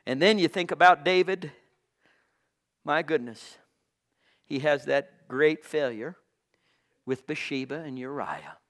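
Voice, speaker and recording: A man preaching a sermon with great passion, swinging from loud cries to hushed whispers. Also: a little high, animated, slow, long pauses. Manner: impassioned, swings from shouting to whispers.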